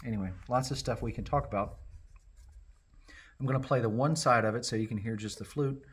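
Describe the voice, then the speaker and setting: A man's voice: medium pitch, brisk, husky. Folksy rambling man, flute maker. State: a little out of breath. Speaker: flute maker and channel host. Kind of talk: casual workshop tutorial.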